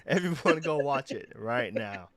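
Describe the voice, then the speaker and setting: A young man, co-hosting a casual podcast chat and rambling through animated retellings. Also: mid-range voice, measured pace, a crowd in the background. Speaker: podcast co-host.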